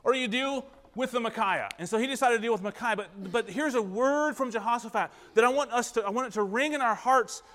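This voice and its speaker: A man with a high voice preaches to a congregation, earnestly asking the pews for answers. His voice carries through a church hall with a long, trailing reverb. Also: a little fast, few pauses, fairly bright tone. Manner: asks the congregation questions, earnest. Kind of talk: interactive sermon. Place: church sanctuary.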